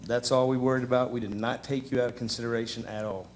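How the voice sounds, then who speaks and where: A school district official, a man, giving a measured, matter-of-fact statement at a board meeting. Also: medium pitch, fairly even intonation.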